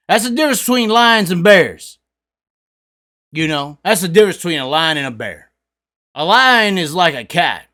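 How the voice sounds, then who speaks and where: Brief: a drunk, profane vlog host with a high, bright voice, heated and mocking. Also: male voice, sing-song, normal speed, pauses often.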